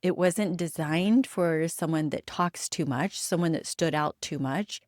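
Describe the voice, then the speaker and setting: A woman's voice: low voice, darkish tone, dry recording, studio quality. A woman from the United States hosting a solo podcast, telling personal stories in a candid, emphatic way and swearing freely. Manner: reflective storytelling with frequent pauses. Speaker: podcast host.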